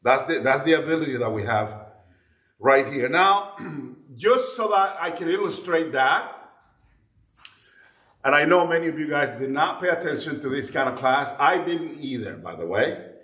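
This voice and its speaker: A man's voice: on the high side, expressive, normal speed, fairly bright tone. A man giving a Bible teaching class, explaining in a patient way and often repeating words while he searches for the next one. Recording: roomy echo.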